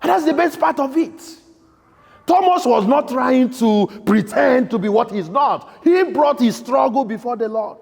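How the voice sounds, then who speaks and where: Emphatic priest, high voice, echoing church. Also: male voice, animated, measured pace, gravelly, slightly rough. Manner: emphatic, swinging between loud outbursts and soft quiet lines. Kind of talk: sermon. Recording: echoey church hall.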